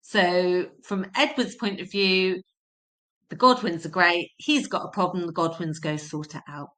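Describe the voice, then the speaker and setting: A woman's voice: on the low side, steady tone, a little slow, a bit bright. A woman teaching a history lesson, explaining terms simply and repeating key points for emphasis.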